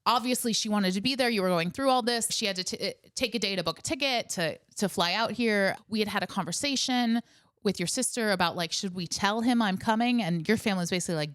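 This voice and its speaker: A woman's voice: medium pitch, fast, a bit bright, no echo. Earnest woman co-host, dry close sound. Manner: earnest, recounting events step by step. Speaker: podcast co-host. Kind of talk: casual storytelling chat.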